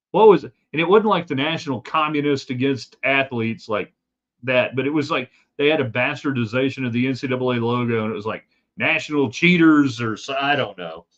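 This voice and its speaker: A man's voice: mid-range voice, lo-fi sound. A man hosting a live sports talk stream, opinionated and rambling with side remarks. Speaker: sports talk show host.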